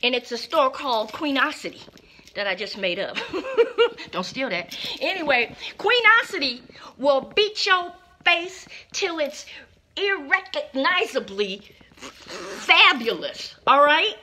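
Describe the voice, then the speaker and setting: A flamboyant middle-aged woman chats to the camera in a high, bright voice that swoops up and down. She sounds hoarse from a sore throat, and her delivery stays campy and playful. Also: very animated, slow pace. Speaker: show host. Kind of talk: casual chat to camera.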